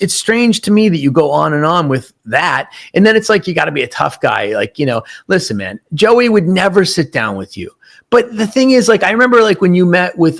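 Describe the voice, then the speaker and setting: A man hosting crime commentary with a gravelly, somewhat high voice. He talks in a casual, mocking way and animatedly quotes the people he discusses. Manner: animated, mocking, quoting others in put-on voices.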